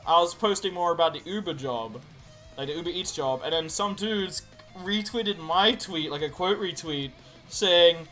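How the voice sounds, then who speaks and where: A young man co-hosting a podcast, recounting game stories in a casual chat, swearing freely and acting out quotes loudly. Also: a little high, moderate pace, soft background music. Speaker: podcast co-host.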